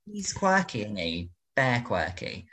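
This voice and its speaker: Rambling man, lively pitch. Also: slow, a little hiss or hum. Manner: rambling, lots of "like", jokey reactions. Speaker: podcast co-host. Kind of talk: casual chat.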